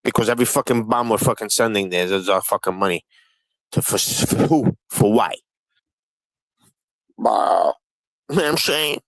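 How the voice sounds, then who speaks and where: A man hosting a live-stream panel in casual chat. He swears constantly and needles the other guests with rapid-fire questions. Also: fairly low pitch, fairly bright tone, dry recording, low-quality recording.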